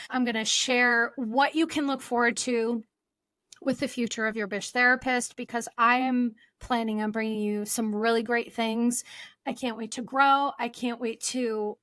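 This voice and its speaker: A woman's voice: on the high side, fairly bright tone, no room sound. A woman hosting her own podcast as a therapist, explaining things in a casual, chatty way with fillers. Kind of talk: solo podcast talk.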